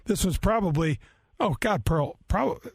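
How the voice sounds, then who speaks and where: A man's voice: sits high, lively intonation, measured pace, gravelly, breathy edge, no room sound, studio quality. Rambling sixty-something man telling stories. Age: 60s. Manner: rambling, self-mocking storyteller. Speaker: golf show host. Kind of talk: casual radio chat.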